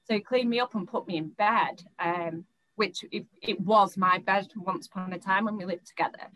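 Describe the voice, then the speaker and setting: A woman's voice: medium pitch, normal speed, a bit bright, poor audio. A young woman, recounting a personal experience in an interview, often stopping, restarting and repeating words.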